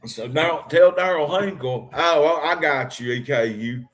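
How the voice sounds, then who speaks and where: Man, livestream host, rambling, talks to chat, slightly high voice. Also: unhurried, a bit bright. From Harlan County, Kentucky. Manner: rambling, addresses viewers directly, jokey.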